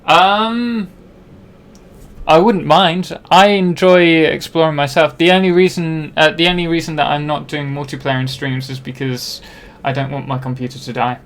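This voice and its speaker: A man's voice: fairly high pitch, steady tone, moderate pace, a bit bright. A young man from Britain chatting casually on a live game stream, rambling and self-deprecating, with many ums and restarts. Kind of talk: casual live-stream chat while playing.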